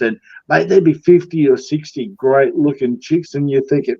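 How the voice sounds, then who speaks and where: A man's voice: on the high side, lively intonation, normal speed, hardly any pauses, no room sound. Australian man with a dull, dry voice. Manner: blunt, swearing, rambling. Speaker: podcast co-host. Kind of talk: casual chat.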